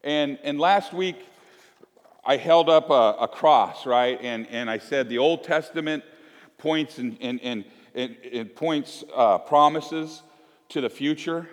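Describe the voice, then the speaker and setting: A man's voice: a little high, slow. A male pastor preaching a sermon in a church, telling homely stories in a conversational, self-deprecating way with frequent restarts. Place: church sanctuary. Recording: long reverb of a church sanctuary.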